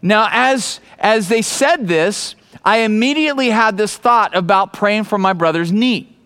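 A male pastor in middle age delivers a sermon with a notably high-pitched voice. He tells his story earnestly, then climbs into loud, excited preaching. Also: measured pace, clear, resonant tone.

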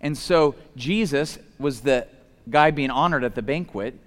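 A man preaching a casual, animated sermon, swinging from loud emphatic shouts to soft low asides, with lots of conversational fillers. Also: measured pace. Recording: long hall reverb.

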